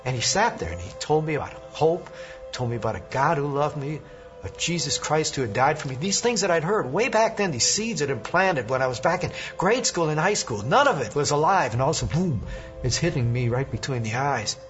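A man's voice: a little high, a little fast. Man telling a testimony in vivid present tense. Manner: animated storytelling in the present tense. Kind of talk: personal faith testimony. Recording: lo-fi with background music.

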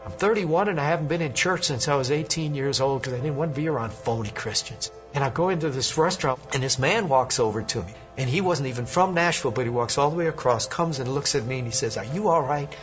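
A man tells his story in an animated way, narrating in the present tense. His voice sits at a middle pitch. Faint music plays under a dull recording. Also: fast talker, few pauses. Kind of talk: personal faith testimony. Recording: lo-fi with background music.

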